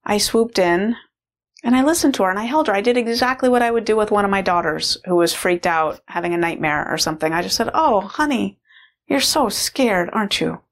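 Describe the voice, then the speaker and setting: A woman speaks fast at a medium pitch, giving a personal testimonial as a course participant. Her story is candid and reflective, full of fillers.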